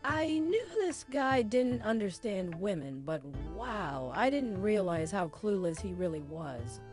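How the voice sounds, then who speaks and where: A woman's voice: medium pitch, very animated, a little slow, a little mellow, faint music behind. A woman in comedic scripted banter as a co-host, with a dry, teasing delivery.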